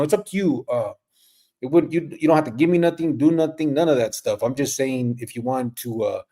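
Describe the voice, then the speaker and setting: A middle-aged man hosting a casual livestream, rambling and relaxed, dropping Spanish slang as he reads comments. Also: medium pitch. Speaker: livestream host.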